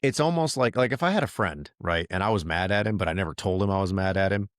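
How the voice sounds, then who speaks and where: A man's voice: sits low, animated, quick pace, no room sound, studio quality. A man hosting a podcast, talking earnestly and reflectively with frequent chuckles. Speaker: podcast host.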